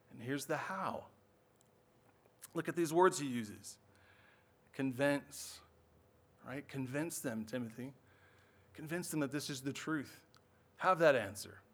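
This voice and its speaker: A man's voice: a little high, fairly bright tone. Earnest preaching man, frequent "right?". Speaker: pastor. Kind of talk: sermon. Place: church.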